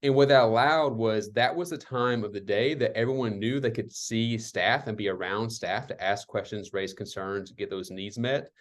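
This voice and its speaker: Reflective man with a lowish voice. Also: normal speed, few pauses. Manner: reflective, with many fillers like um and like. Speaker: community call speaker. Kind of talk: online community call talk. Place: worked at retreat centers.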